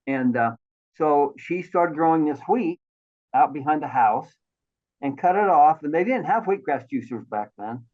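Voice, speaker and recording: A man in his sixties telling his life story as an interview guest, animated and acting out the voices of the people he quotes. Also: on the high side, a little slow. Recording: thin phone-like line.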